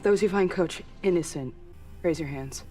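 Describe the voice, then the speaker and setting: A stern young woman calls the vote with measured formality, played by an actress. Her voice sits low for a woman, and a music score plays under her in the TV drama audio. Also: dark tone, close to an everyday voice. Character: young woman presiding over a wilderness trial, stern. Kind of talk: TV drama acting.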